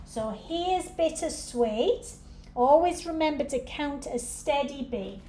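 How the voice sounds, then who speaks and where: Patient female piano teacher, unhurried delivery, light room noise behind. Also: high voice, lively intonation, warm tone. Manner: patient, step-by-step explaining. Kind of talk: home practice instructions.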